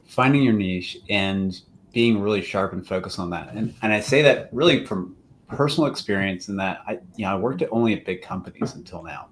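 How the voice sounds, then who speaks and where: A man's voice: fairly low pitch, fairly quick, slight background noise. An American man speaking as an entrepreneur on a panel, casual and self-deprecating, with fillers and anecdotes. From United States. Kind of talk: panel discussion.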